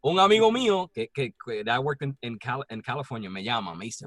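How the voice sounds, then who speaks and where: A man with a Puerto Rican accent, telling a story in casual podcast chat, profane and animated. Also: mid-range voice, fast talker, few pauses, no room sound. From Puerto Rico.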